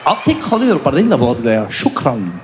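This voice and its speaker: A man's voice: wildly swooping pitch, fairly quick, reverberant, noisy background. A man mimicking an airline safety video narrator with singsong gibberish that swoops up and down. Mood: grand. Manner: singsong babble with big pitch swings.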